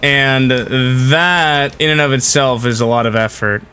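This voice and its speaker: A young man with a bright, forceful voice talks casually to his viewers as he plays. He rambles along in a friendly, easygoing way, reacting to the game and to chat. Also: mid-range voice, a little slow, faint music behind. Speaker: game streamer. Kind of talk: casual live-stream chat while gaming.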